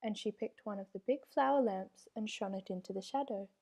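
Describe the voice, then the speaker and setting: A woman reading a children's storybook aloud with steady, expressive narration. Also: medium pitch, fairly quick, gravelly. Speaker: reader.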